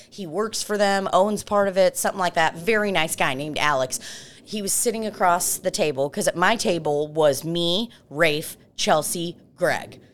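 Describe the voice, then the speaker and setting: A woman from Belarus, a podcast co-host, telling stories in casual chat, swearing freely and acting out voices. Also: fairly low pitch. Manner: animated, swears freely, acts out voices in anecdotes.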